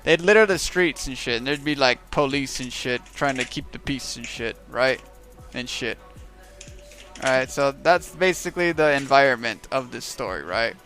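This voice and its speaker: A man's voice: medium pitch, animated, moderate pace, fairly bright tone, faint music behind. A man telling a rambling, profanity-heavy story on a stream. He keeps checking in with his listeners by asking "right?". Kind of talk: casual storytelling.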